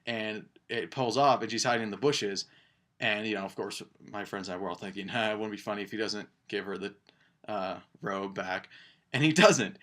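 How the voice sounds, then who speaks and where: A man's voice: medium pitch, fairly bright tone. Young male vlogger, casual film review, chatty and rambling, eager. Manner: rambling, filler-heavy, enthusiastic. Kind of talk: casual vlog movie review.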